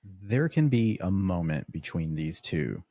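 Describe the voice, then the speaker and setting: A man with a very low, gravelly voice, co-hosting a podcast in relaxed casual chat. His tone is husky and a little rough. The sound is dry and close. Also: a little slow, dry recording. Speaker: podcast co-host. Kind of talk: casual chat recapping a TV episode.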